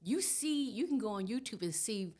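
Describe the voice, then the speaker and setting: A woman in her sixties, a guest trauma educator, explaining in an animated conversational way and checking in with "okay?". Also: fairly high pitch, moderate pace. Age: 60s. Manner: animated, tags points with "okay?". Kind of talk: conversational teaching.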